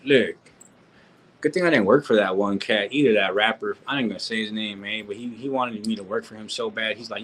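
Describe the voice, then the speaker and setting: A reaction streamer from California rants on a live stream in a lowish, fairly bright voice, talking fairly quickly. He's slangy and repetitive, with street asides and restarted sentences. Audio is poor, with a little hiss or hum.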